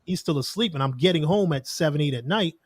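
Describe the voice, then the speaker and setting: A man's voice: fairly high pitch, animated, fast talker, no room sound, clean studio sound. Earnest man telling stories. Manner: earnest storytelling with lots of "like" and quoted asides. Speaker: podcast guest, IT manager. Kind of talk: casual podcast conversation.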